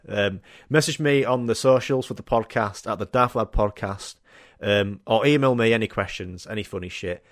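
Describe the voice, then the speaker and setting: A man's voice: medium pitch, no echo, clean studio sound. A young man hosting a podcast, rambling through comic stories, swearing and laughing, and acting out the voices of people in them. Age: young adult. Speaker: podcast host. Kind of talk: casual comic monologue.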